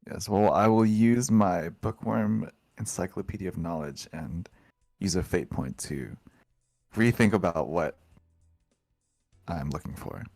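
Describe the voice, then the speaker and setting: A man's voice: deep voice, unhurried, darkish tone, no echo, soft background music. A man playing a tabletop game, talking through his moves hesitantly with many fillers. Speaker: player. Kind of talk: tabletop role-play.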